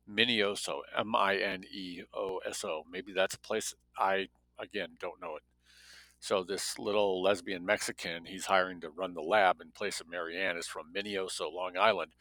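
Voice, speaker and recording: Forceful low man reading a novel aloud. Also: moderate pace, dry recording, low-quality recording. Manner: breaks off reading for wry spoken comments. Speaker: story reader.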